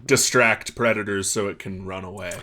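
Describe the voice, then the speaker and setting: A man's voice: on the low side, steady tone, normal speed, pushed and bright. A man co-hosting a comedy podcast who makes self-mocking, nerdy jokes while chatting. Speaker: podcast co-host. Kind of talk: casual comedic chat.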